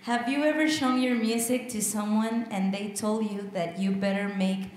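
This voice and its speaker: A woman's voice: medium pitch, fairly even intonation, normal speed, a little mellow, slight background noise. A woman from Mexico City in the audience, giggly and nervous as she asks a question. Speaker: fan asking a question. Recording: very echoey hall, heard from afar.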